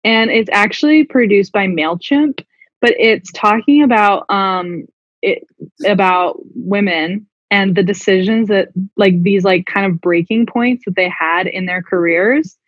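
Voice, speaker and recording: A woman co-hosts a podcast in casual chat, rambling with lots of fillers and restarts. Her voice is medium in pitch and her pace measured. The recording is dull, lo-fi and dry, with no echo.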